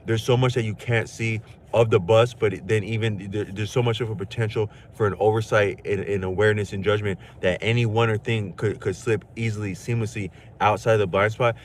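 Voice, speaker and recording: A man with a fairly low voice talks casually to his livestream chat. He rambles in loose, slangy speech, circling back and restarting his thoughts. A faint hiss of background noise sits under the voice.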